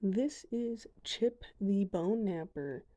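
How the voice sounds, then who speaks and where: Dark-toned young woman narrating gameplay. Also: mid-range voice, expressive, slow pace. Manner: chatty, self-deprecating asides. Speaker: gamer showing her dragons. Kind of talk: casual voice-over narration.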